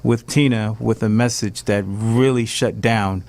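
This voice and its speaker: A man whose voice is hoarse from losing it, talking excitedly as a guest on a talk show and rambling through many fillers. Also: fairly low pitch, unhurried. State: hoarse, lost his voice. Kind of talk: casual chat.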